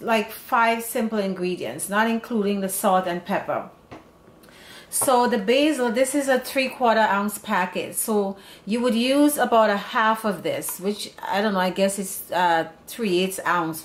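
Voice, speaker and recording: A woman's voice: medium pitch, slight background noise. A woman hosting a home cooking demonstration, chatty and meandering, often restarting her sentences. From Serbian background. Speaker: home cooking channel host. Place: home kitchen.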